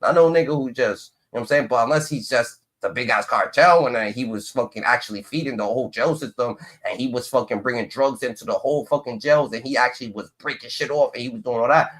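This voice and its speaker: A livestream host rants in rambling, casual commentary, talking fast with few pauses in a mid-range, fairly bright voice. He swears often and fills his talk with "dun dun dun".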